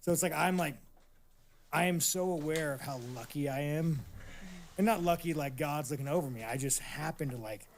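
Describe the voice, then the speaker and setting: A man's voice: on the high side, normal speed, a little hiss or hum. A man talking as a guest, telling stories in a casual, rambling way. He swears constantly and restarts his sentences a lot. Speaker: interview guest. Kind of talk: casual storytelling.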